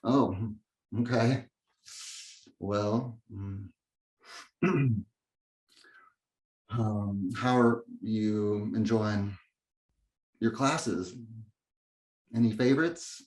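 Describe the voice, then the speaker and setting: A man playing a withdrawn, emotionally numb father who talks in a hesitant, halting monotone. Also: on the low side, echoey room, distant mic, rough recording. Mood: awkward. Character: awkward numb middle-aged father, withdrawn.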